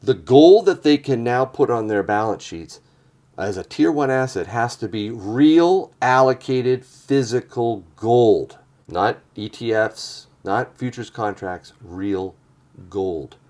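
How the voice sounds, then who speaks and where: An older man hosting a chat about gold, talking in a lively, animated way. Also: mid-range voice, takes it slowly. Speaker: channel host. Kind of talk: casual chat and commentary.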